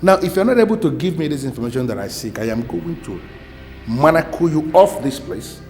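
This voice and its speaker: A stern, formal police officer speaks with a Nigerian English accent. He presses hard and threatens in measured, official words. Faint music plays under the dialogue of this film scene. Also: a little high, animated, a little mellow. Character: stern male police officer questioning witnesses.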